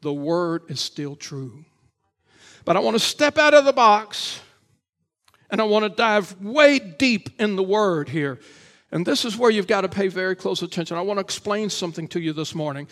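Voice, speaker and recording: At a church service, a male pastor preaches his Sunday morning sermon with animation and at a normal speed. He repeats himself for emphasis, building to shouts and then sinking to a low voice.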